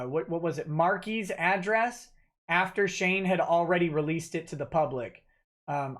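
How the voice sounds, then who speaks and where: High-voiced man reading donations live. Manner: reads donor messages aloud and replies off the cuff, with many fillers and restarts. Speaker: livestream host reading donations. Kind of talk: casual livestream chat.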